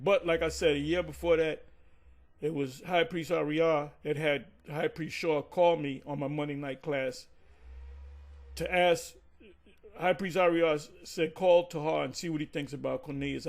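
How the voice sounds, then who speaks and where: Man, gravelly and fairly high, casual storyteller who voices others heatedly. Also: moderate pace. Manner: animated, swears freely, quotes others in raised voice. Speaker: teacher recounting church history.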